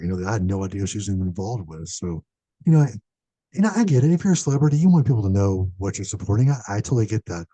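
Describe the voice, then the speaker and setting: Low mellow man, casual podcast chat, animated storyteller, dry close sound. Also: rapid-fire, slightly rough, dry recording. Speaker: horror podcast speaker.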